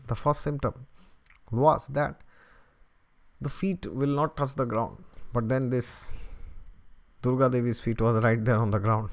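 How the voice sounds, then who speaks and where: Middle-aged male spiritual teacher, animated storyteller, laughs a lot, mid-pitched, chatty. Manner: chuckles often, animated and conversational, asks rhetorical questions. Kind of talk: scripture storytelling lesson.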